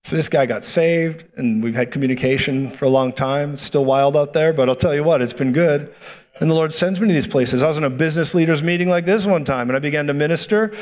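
Man preaching with animated stories. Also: a little high. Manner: animated storytelling, quick asides and laughs; prophetic declarations, softer and slower. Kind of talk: sermon with storytelling.

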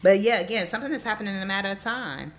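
A woman's voice: medium pitch, rapid-fire. A woman who works as a psychic reader and life coach, talking casually and animatedly to her viewers and telling stories as she gives a reading. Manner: chatty, animated storytelling, addresses viewers directly.

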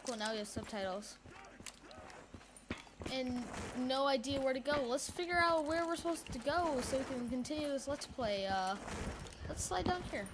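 A high-voiced woman rambling through casual let's-play commentary, excitable and full of "you know"s. The home recording has loud background noise running under her voice. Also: moderate pace. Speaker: gaming YouTuber.

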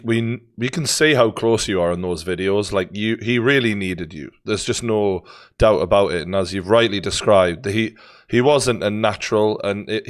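A man with a Geordie accent hosting an interview, asking long questions with many fillers and restarts. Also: fairly low pitch. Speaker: podcast host.

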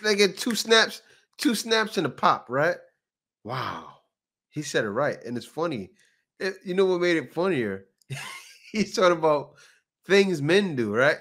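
A man hosting a reaction show, talking in a lively, swinging voice that sits a bit high. He comments casually on clips, asks rhetorical questions and laughs along. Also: a little slow, long pauses. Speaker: reaction channel host.

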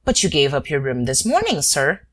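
A woman's voice: low voice, huge pitch swings, normal speed, exaggerated voice. A woman voicing a polite male hotel clerk who sounds puzzled.

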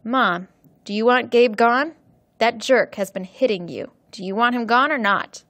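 A woman playing an indignant preteen boy defending his mother in a storybook reading. His voice is urgent and raised, a little higher than the narration. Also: measured pace, fairly bright tone, no room sound. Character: angry protective boy, preteen son.

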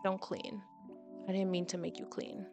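A woman's voice: fairly low pitch, level tone, normal speed, over music. A woman giving casual, chatty gameplay commentary as a let's play host, dramatic and exasperated as she reacts.

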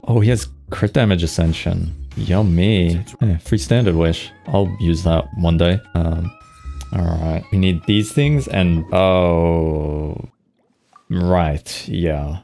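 A man's voice: deep voice, takes it slowly, vocal fry, mellow, faint music behind. A young man giving casual, swear-laden gameplay commentary with playful sound effects. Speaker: gaming streamer.

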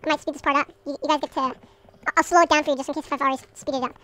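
A man's casual gameplay commentary sped up into a chipmunk voice, chattering with excited outbursts. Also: very high-pitched, racing, voice pushed up.

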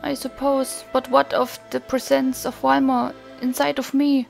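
A woman's voice: sits high, level tone, a little slow, gravelly, soft background music, exaggerated voice. A woman with a German accent reading the lines of an earnest young female songstress who speaks formally and solemnly. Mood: troubled.

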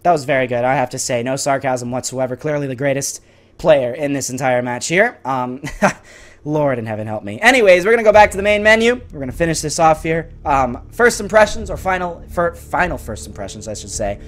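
A gaming YouTuber giving live gameplay commentary, excitable and swinging between frustrated outbursts and low muttering. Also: male voice, fairly quick.

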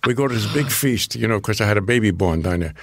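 A man's voice: fairly low pitch, expressive, quick pace, no room sound, clean studio sound. An older man with a Bronx accent, an actor telling rambling stories in an interview, full of restarts and acted-out quotes. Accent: New York Bronx. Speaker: guest actor. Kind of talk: storytelling interview.

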